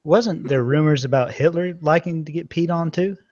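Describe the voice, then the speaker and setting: A man's voice: a little high, moderate pace, darkish tone, dry recording, muffled recording. A man chatting playfully as a guest on a casual online podcast.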